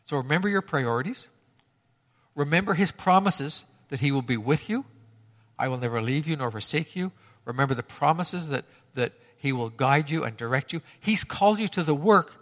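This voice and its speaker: A man's voice: a little high, animated, moderate pace, long reverb tail. A man preaching a sermon to his congregation, emphatic and fond of repeating key phrases for effect. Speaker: pastor.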